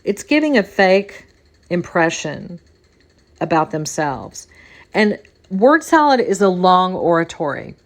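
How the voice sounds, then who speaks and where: A woman's voice: on the low side, big pitch swings, takes it slowly. A woman hosting a podcast, talking casually in a rambling monologue and repeating phrases for emphasis. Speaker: podcast host.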